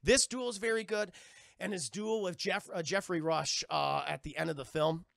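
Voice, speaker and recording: Gravelly, bright-voiced male streamer. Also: high voice, normal speed, no echo, clean studio sound. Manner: animated, profane, rambling. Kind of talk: casual retelling of a film to chat.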